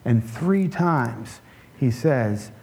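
A man preaching a conversational sermon in a relaxed way, with joking asides and frequent restarts. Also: mid-range voice, very slow. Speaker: pastor.

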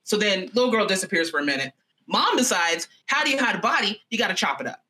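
Young woman podcaster, chatty and crude, bright voice, medium pitch. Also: quick pace. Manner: animated, profane, chatty. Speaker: podcast host. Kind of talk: comedic storytelling.

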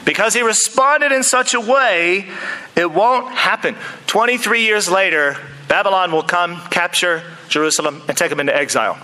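High bright-voiced male preacher. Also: normal speed, poor audio. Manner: lively, joking asides to the congregation. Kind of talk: sermon. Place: church.

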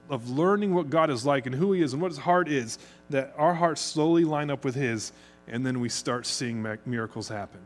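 A middle-aged man from the United States, preaching a conversational sermon as pastor. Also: fairly high pitch. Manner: conversational, chatty, speeds up when excited.

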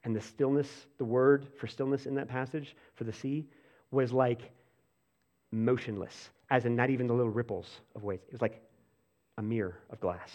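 Speaking at a moderate pace in a mid-range voice, this pastor preaches casually, with plenty of "like" fillers and false starts. His energy rises into animated bursts and sinks into quiet, hushed stretches.

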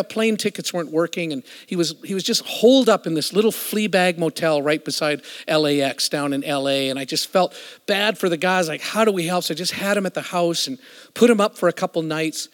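A middle-aged man preaching a storytelling sermon, emphatic and shifting from loud to hushed, as a worship musician. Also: fairly high pitch. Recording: echoey hall reverb.

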